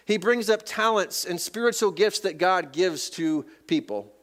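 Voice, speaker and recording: Folksy pastor preaching a sermon. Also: male voice, high voice, lively intonation, unhurried, a bit bright. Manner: folksy, reads scripture aloud, jokes with congregation. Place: church sanctuary.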